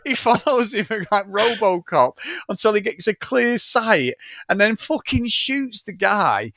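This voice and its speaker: High, lively man riffing. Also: measured pace, vocal fry, no echo, clean studio sound. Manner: sweary, animated, acts out scenes. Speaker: podcast co-host. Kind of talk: casual film review chat.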